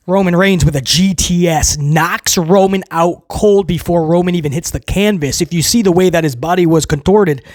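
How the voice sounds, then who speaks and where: Excitable man recapping wrestling, dry sound. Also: sits high, no echo. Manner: excitable, rambling with restarts and chuckles. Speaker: wrestling show reviewer. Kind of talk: casual recap commentary.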